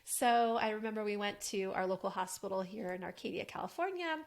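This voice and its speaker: A woman in her forties talks through a personal story in a loose, animated way. Her mid-pitched voice carries a gravelly fry, and she keeps dropping "like" as she goes. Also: fairly quick. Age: about 40. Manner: chatty, animated, many "like" fillers. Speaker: wellness coach and podcast host.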